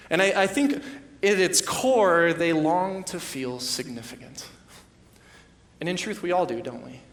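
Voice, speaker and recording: A man in his thirties gives a sermon in a slightly high voice, telling stories and acting out his little daughters' voices. The sound is roomy and echoing, as in a church hall. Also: a bit bright. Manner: storytelling, acts out his children's voices. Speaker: pastor.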